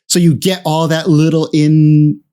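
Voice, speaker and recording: A man's voice: a little high, flat delivery, measured pace, mellow, clear, resonant tone. A man hosting a casual podcast, rambling through his thoughts and laughing at his own jokes. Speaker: podcast host.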